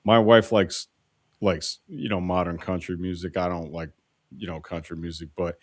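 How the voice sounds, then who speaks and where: A man in a casual podcast chat with a very deep voice. He speaks in a measured, reflective way, often restarting his sentences. The sound is dry and close to the mic. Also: fairly even intonation, dry recording.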